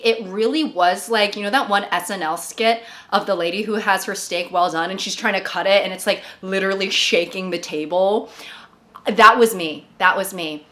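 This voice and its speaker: A woman's voice: mid-range voice, fairly bright tone. Rambling, jokey woman vlogger. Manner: rambling, jokey, self-deprecating. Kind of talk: casual chat.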